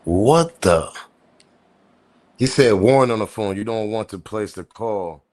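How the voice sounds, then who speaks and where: A man giving casual, animated livestream commentary, repeating himself, swearing and chuckling. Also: on the low side, normal speed. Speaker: online news commentator.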